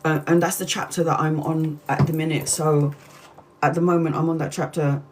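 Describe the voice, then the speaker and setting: A woman's voice: sits low, flat delivery, normal speed, darkish tone, a little hiss or hum. A woman, a tarot reader earnestly retelling a harrowing story from a book on a live stream, with many restarts.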